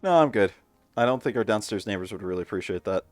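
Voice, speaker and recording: A man chatting casually with his wife while they play an online game at home, making wry deadpan jokes. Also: fairly low pitch, fast, no room sound, faint music behind. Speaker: gamer playing with his wife. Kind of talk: casual let's-play chat.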